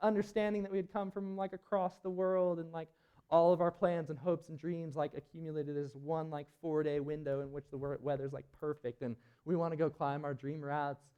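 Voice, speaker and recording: A man's voice: on the high side, flat delivery, fairly quick, clear, resonant tone, lo-fi sound. A young man telling a climbing story to a live audience in an auditorium, rambling and laughing, full of filler words. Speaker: presenter at a climbing event.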